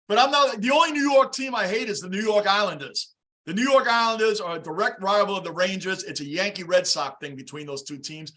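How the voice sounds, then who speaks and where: A man hosting a live football reaction stream, greeting chatters by name and shouting at big plays. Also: high voice. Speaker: livestream host reacting to a game. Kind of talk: live game reaction and fan chat.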